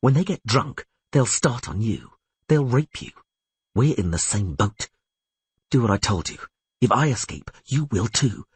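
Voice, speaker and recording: Reader plays a cold schemer, hushed hiss, husky. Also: male voice, animated, measured pace, no room sound. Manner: hissing, low conspiratorial. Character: cunning bound male captive, cold and mocking.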